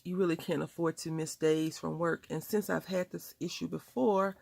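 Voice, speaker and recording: Chatty woman with a gravelly voice. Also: fairly low pitch, normal speed. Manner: chatty, storytelling, lively quoted voices. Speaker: crafting vlogger. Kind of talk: casual chat while crafting. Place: home.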